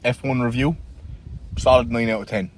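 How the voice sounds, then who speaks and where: A man's voice: mid-range voice, fairly even intonation, normal speed, a little hiss or hum. A man with an Irish accent who coaches fitness, chatting casually and upbeat in a vlog and swearing freely. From Ireland. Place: car, home and outdoors.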